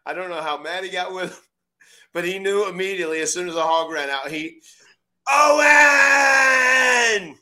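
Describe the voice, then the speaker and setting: A man's voice: a little high, fast talker. A middle-aged man casually telling stories on a podcast, acting out quotes and laughing often. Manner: animated, acts out quotes loudly, laughs often. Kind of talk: casual storytelling.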